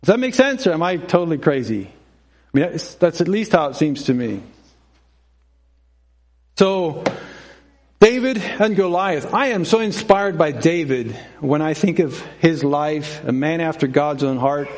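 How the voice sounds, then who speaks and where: A man's voice: a little high, measured pace. A middle-aged male preacher giving a sermon, telling stories and acting out the people in them, with frequent self-questioning asides. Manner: storytelling, acts out voices, self-questioning asides.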